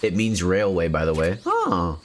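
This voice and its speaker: A man's voice: low-pitched, huge pitch swings, moderate pace, slight background noise. A man streaming a video game, chatting casually and joking with his viewers as he plays. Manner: playful, joking, chats to viewers. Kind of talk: casual gameplay commentary.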